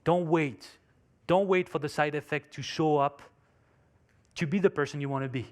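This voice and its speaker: A man's voice: fairly high pitch, normal speed, darkish tone. A man speaking English as a second language, giving an emphatic motivational conference talk and telling a story. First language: not English. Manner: storytelling, emphatic, non-native phrasing.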